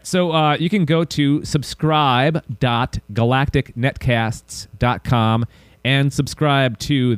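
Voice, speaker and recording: A man's voice: mid-range voice, dry recording. A man hosting a podcast, rambling and joking around while reading announcements and listener mail. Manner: goofy, rambling, self-mocking. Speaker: podcast host. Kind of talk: casual podcast chat.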